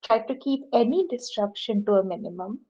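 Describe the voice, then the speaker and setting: A woman's voice: a little high, brisk, mellow. Businesslike woman on a dull mic. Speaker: player. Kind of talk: playing a tabletop game in character.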